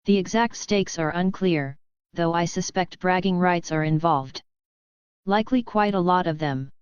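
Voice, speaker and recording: Lady doing a calm wise old professor, unhurried, smooth voice. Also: lowish voice, no room sound, dull audio, close to an everyday voice. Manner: calm, dry.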